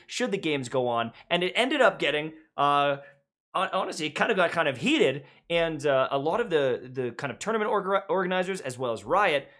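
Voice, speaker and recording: Bright-voiced man on a gaming podcast. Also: fairly high pitch. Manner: loose and rambling, many fillers. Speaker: podcast co-host. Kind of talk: casual gaming podcast chat.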